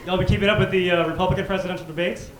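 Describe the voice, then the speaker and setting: A man in his thirties doing a stand-up comedy set on a club stage, with a punchy, animated delivery. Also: sits high, racing. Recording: echoey club room with background noise. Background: audience laughter and club ambience.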